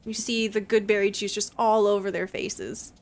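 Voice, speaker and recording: A woman narrating as game master in a tabletop game, describing scenes slowly and in detail. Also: medium pitch, little pitch movement.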